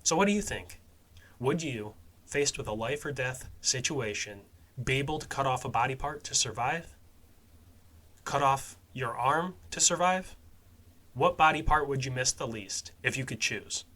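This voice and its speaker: A man hosting a true-crime and survival podcast, talking casually with swearing and fillers, his voice dropping quietly at phrase ends. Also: mid-range voice, moderate pace. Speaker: podcast host.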